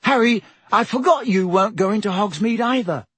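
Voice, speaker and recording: A man's voice: high-pitched, moderate pace, fairly bright tone, slightly rough, dry recording, pitched above the performer's own voice, exaggerated voice. A male narrator voicing an anxious, eager teenage boy who talks in a nervous, hopeful way.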